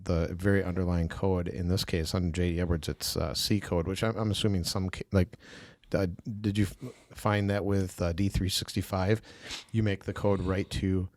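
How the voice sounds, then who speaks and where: A man's voice: low voice, little pitch movement, moderate pace, hardly any pauses, darkish tone, no echo, clean studio sound. A man from Wisconsin hosting a podcast, musing through questions with frequent restarts. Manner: musing, hesitant, with many restarts. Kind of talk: conversational podcast interview.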